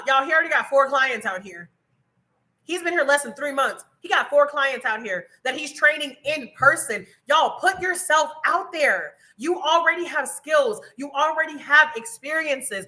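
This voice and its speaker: A woman, giving a loud, preachy motivational talk straight to her viewers on a livestream from home. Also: high-pitched, animated, normal speed. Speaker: travel content creator. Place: home in Colombia.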